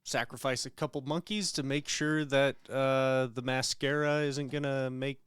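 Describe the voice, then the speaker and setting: A man's voice: mid-range voice, flat delivery, fairly bright tone, clear, resonant tone, dry recording. A man co-hosting a casual podcast, talking in a hesitant way with frequent restarts. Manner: slow, hesitant, restarts often. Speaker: podcast co-host.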